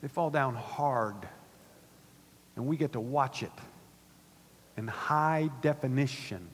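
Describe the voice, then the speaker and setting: A middle-aged pastor preaching a sermon in a church, animated and repetitive, dropping to soft asides between louder points. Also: male voice, mid-range voice, takes it slowly, a little hiss or hum. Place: church auditorium. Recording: long reverb of a large hall.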